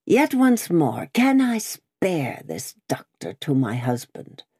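A woman's voice: deep voice, sing-song, dark tone, breathy edge, no room sound, studio quality, heavily acted. A woman voicing a stern, vengeful revolutionary woman. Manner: stern, cold, deliberate.

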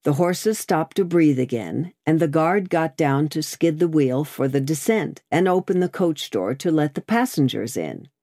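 A woman narrating an audiobook in a steady, measured reading voice. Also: low-pitched, no echo, studio quality.

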